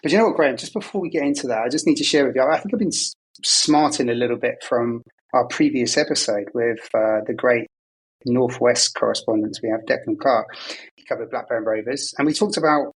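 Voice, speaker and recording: Husky-edged male co-host, conversational and jokey. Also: medium pitch, brisk, poor audio. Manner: conversational, jokey, self-deprecating. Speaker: podcast co-host, data pundit. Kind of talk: casual chat. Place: travelling abroad.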